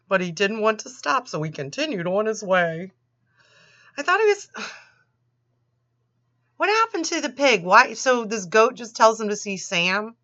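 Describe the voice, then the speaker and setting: Slow, bright-voiced woman mocking a storybook. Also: medium pitch. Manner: laughs often, swears, sarcastic asides. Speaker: channel host reading a storybook. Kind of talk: mocking read-aloud of a children's book with commentary. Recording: dull lo-fi recording.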